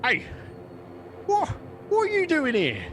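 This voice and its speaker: A man putting on a shrill, brash goblin boss woman. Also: huge pitch swings, a bit bright, a little hiss or hum, full character voice. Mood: threatening. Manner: gruff, bluffing bravado, drawn-out. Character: shivering female goblin boss, scrappy and brash.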